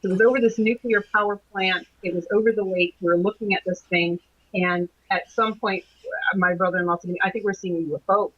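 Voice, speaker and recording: A woman's voice: mid-range voice, fairly even intonation, quick pace, fairly bright tone, slightly rough. A middle-aged woman from Canada, a guest recounting a personal experience in an interview, talking hesitantly with many restarts. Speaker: guest, anomalies researcher. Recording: dull lo-fi call audio.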